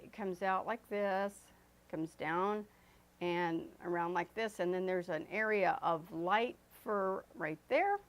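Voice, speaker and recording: A woman teaching an oil painting lesson as she paints, chatty and loose, with fillers and self-corrections. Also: lowish voice. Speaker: art instructor. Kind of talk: painting demonstration.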